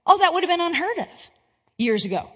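A woman giving a Christian talk to an audience, an English teacher and animated storyteller who keeps checking in with her listeners. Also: very high-pitched, fairly quick, long reverb tail.

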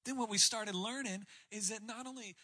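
Male pastor, high bright voice with some breathiness, candid and self-deprecating sermon delivery. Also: moderate pace. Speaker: pastor speaking on marriage.

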